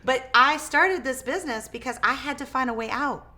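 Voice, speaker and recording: A woman guest in a casual interview, telling her story in a lively way, acting out quoted dialogue and often restarting her words. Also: sits high, brisk. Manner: animated, acts out quoted dialogue. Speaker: interview guest, business owner.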